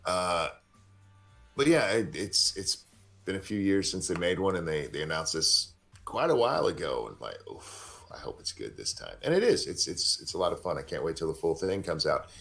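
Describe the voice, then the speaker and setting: A man's voice: low-pitched, big pitch swings, normal speed, creaky, a bit bright, soft background music. A man guesting on a livestream, chatting casually in a blunt, profane way.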